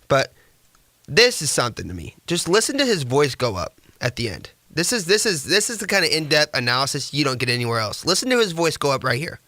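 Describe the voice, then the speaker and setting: A man's voice: a little high, big pitch swings, fairly quick, pushed and bright, slight background noise. A man hosting a sports podcast, giving casual, sarcastic commentary that rambles. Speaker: podcast host.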